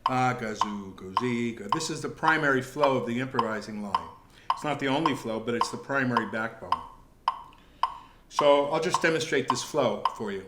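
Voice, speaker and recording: Calm man teaching jazz piano. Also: medium pitch, heavy background noise. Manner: calm, measured explaining with scat syllables and counting. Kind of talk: music lesson explanation.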